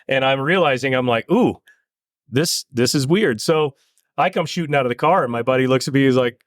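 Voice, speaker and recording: Man, middle-aged, from California, land speed racer, earnest, halting restarts, medium pitch, dry sound. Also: a bit bright, dry recording. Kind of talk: casual interview storytelling.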